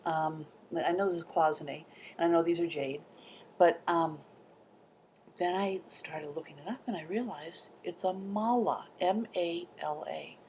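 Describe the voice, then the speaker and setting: A woman's voice: lowish voice, unhurried, darkish tone, slight background noise. A middle-aged woman vlogging in casual chat, rambling with many fillers and dropping into whispered asides.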